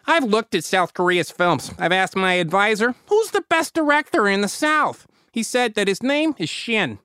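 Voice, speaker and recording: A man's voice: sits high, very animated, moderate pace, sharp tone, clear, resonant tone, dry recording, clean studio sound, pitched above the performer's own voice, full character voice. A man putting on a comical Chicago accent to voice a dictator, brash and exasperated. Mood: scheming. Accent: Chicago, put on.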